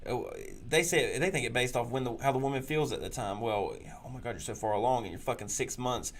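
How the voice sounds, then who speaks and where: A man's voice: mid-range voice, brisk. Man, podcast host, ranting, crude, mocking, faint background noise. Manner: crude, mocking, breaks into sneering mimicry. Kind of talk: ranting political commentary.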